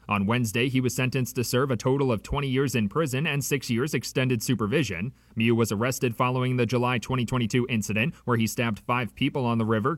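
A man reporter delivering a news piece in a steady, matter-of-fact way. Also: medium pitch, dry recording, clean studio sound.

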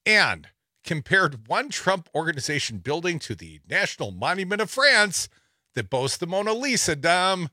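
A man's voice: a little high, big pitch swings, normal speed, pushed and bright, no echo. A man hosting a talk radio show, reading news stories with sarcastic asides and a wry, laughing delivery into a studio microphone.

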